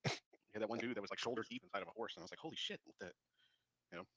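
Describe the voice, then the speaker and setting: A man's voice: fairly low pitch, expressive, racing, vocal fry, a bit bright, husky, no echo. A man from Georgia on a casual panel, telling stories with many hesitant fillers. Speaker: panel guest. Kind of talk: casual chat.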